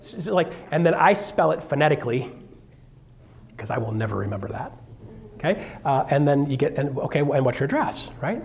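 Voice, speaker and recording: A man's voice: on the high side, very animated, a little fast, creaky, a little mellow, slight background noise. A middle-aged man coaching a live seminar, joking and acting out the voices of clients as he goes. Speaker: real estate coach.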